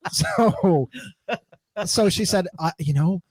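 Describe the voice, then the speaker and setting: A man's voice: sits high, drawn-out words, breathy edge, no room sound. A middle-aged man, a radio host appearing as a podcast guest, telling a story and acting out the people in it. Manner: animated anecdote teller who acts out the people in his stories. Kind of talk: casual storytelling chat.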